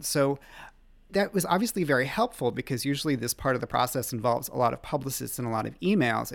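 A man, a magazine writer, as a guest on an interview podcast, telling animated anecdotes with quick laughs. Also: fairly high pitch, gravelly.

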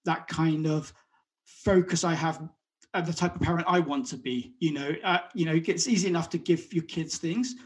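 High-voiced man, halting and earnest. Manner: halting, repeats words, acts out quotes. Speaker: guest. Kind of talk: conversational interview.

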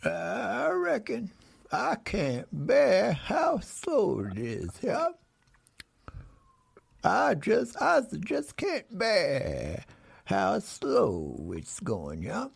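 Man doing a slow, drawling comedy cowboy, pitched up. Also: huge pitch swings, gravelly, breathy edge, full character voice. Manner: slow drawl with a questioning yeah.

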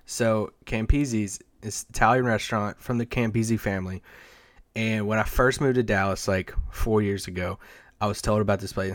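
A man's voice: on the low side, steady tone, normal speed, dry recording. A man co-hosting a casual sports podcast, telling loose, rambling stories with lots of fillers and restarts. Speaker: podcast co-host, team site editor. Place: Dallas area.

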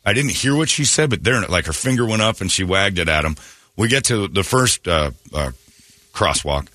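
A man's voice: deep voice, expressive, fairly quick, pushed and bright, no room sound. A male radio show host telling a story in a rambling, sarcastic, mocking way on a studio mic. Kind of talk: casual talk radio storytelling. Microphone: studio microphone.

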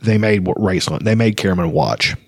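Rambling host, man, low-pitched, casual book chat. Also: normal speed, breathy edge, no room sound, studio quality. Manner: rambling, with frequent restarts. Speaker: podcast host discussing a fantasy novel. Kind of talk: casual chat and reading aloud.

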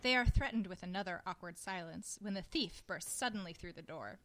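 A woman reading the narration of an audio drama in a calm, matter-of-fact way. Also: on the low side, brisk. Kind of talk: scripted narration.

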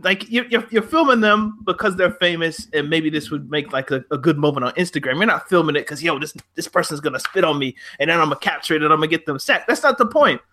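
High, lively, blunt-talking man. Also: fast, few pauses. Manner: blunt, animated, swears freely. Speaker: podcast co-host. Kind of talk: heated casual chat.

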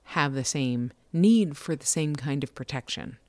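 A woman's voice: sits low, animated, a little slow, darkish tone, no echo. A woman co-hosting a casual podcast chat, talking animatedly and thinking aloud with restarts. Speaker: podcast co-host.

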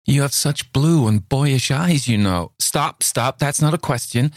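A man with a low voice playing an eager young American woman who pleads her love in a raised, emotional voice. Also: a little slow, dry recording, clean studio sound, lightly acted. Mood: playful. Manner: breathless, imploring, emotional.

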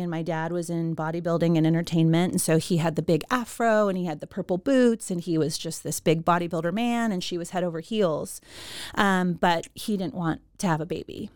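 A woman's voice: lowish voice, a little mellow, clear, resonant tone, dry recording, clean studio sound. A middle-aged woman from Oregon, an executive director, telling her personal story in an interview, earnest and emotional. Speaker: executive director of a pregnancy center.

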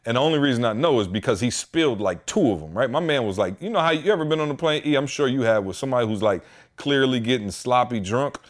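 A man in his thirties, a podcast co-host, tells a story during casual chat, acting out each person with heated voices. He's animated and lively, speaks at medium pitch and a fast pace, and addresses his co-hosts directly.

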